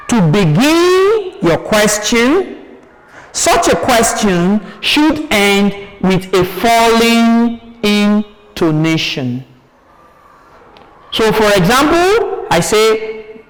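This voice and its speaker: A male teacher talks slowly and carefully, exaggerating the rise and fall of each example sentence, then answers the questions he puts to his pupils. His voice sits high and moves a lot. A long reverb trails behind him, with a faint hiss underneath. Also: sing-song. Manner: slow, deliberate, repeats examples with exaggerated rising and falling tones; asks pupils questions and answers them himself. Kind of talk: classroom lesson on intonation. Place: TV studio.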